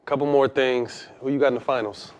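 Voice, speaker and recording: A man's voice: medium pitch, fairly even intonation, brisk, a little mellow, slight background noise. A man co-hosting a casual podcast chat, steering with questions and murmuring agreement.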